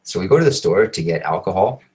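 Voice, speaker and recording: Brief: man in his thirties, low-pitched voice, casual foul-mouthed storyteller, home setup. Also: fast talker, low-quality recording. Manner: profane, animated, swears constantly. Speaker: host. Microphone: home recording setup.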